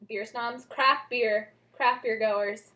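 A woman's voice: fairly high pitch, fairly even intonation, slow pace, pushed and bright. A woman co-hosting a podcast, chatting casually with a joking, self-deprecating manner. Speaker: podcast co-host. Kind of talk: casual chat.

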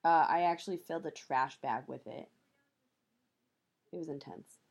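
A woman's voice: low voice, moderate pace, a little mellow, muffled recording. A woman co-hosting a podcast, telling a story in a casual chat and acting out the people she quotes, with profanity. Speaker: podcast co-host.

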